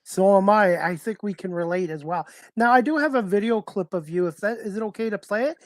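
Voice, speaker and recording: Host: man, courteous and a bit halting, dry close recording. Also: high-pitched, no room sound. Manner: polite, halting questions with "uh". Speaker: talk show host. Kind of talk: live-streamed talk show interview.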